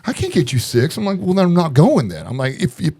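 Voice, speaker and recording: A man's voice: a little high, huge pitch swings, quick pace, gravelly, mellow, slightly rough. A man telling a long story as a podcast guest in casual chat, acting out quoted voices and laughing often.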